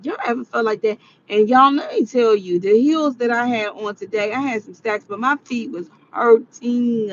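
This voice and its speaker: A woman's voice: a little high, moderate pace, hardly any pauses, highs cut off, slight background noise. A tired woman vlogging to her viewers in a rambling, chatty monologue. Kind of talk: casual monologue.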